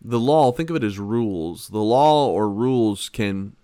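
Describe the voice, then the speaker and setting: A man who is a pastor and podcast host, giving a conversational Bible teaching in an emphatic way, repeating his key words and swinging between loud and soft. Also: fairly low pitch, expressive, unhurried, clean tone, no room sound, clean studio sound.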